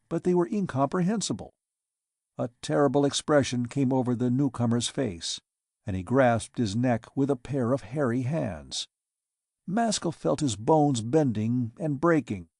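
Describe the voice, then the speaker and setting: A man's voice: medium pitch, creaky, no room sound, studio quality. Man narrating a classic novel. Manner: steady, measured literary reading. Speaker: audiobook narrator. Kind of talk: scripted narration.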